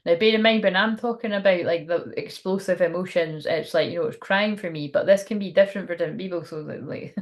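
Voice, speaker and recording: A woman's voice: lowish voice, fast talker, few pauses. A young woman giving a casual, frank tarot reading on a livestream, laughing often and swearing now and then. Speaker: tarot card reader.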